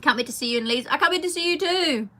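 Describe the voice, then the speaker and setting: Bright-voiced woman chatting. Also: high-pitched, expressive, very fast. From Ireland. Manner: chatty, giggly, reads fan comments aloud. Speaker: singer streaming to fans. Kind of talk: casual live-stream chat.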